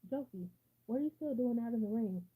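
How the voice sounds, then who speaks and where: A woman reading the part of a kind mother who speaks gently and reassuringly. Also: a little high, lively intonation, fairly quick, breathy edge, narrow, tinny audio, voice pushed up. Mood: concerned. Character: kind, caring mother and podcast host.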